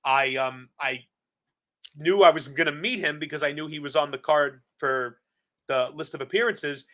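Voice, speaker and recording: A man's voice: on the high side, steady tone, moderate pace, a bit bright. A man from Staten Island, co-hosting a podcast and telling stories earnestly and with enthusiasm. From Staten Island, New York. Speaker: podcast co-host. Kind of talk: casual chat.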